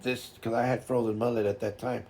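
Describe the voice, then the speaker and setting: A man's voice: medium pitch, little pitch movement, fairly quick, a little mellow. A man hosting a casual chat stream, telling rambling fishing stories with lots of restarts and laughter. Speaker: streamer host.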